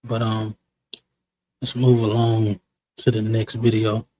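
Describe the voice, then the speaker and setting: A man hosting a live-stream review show, talking in a relaxed, slangy, chatty way. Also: fairly low pitch, slow, poor audio. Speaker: livestream show host. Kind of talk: casual live-stream commentary.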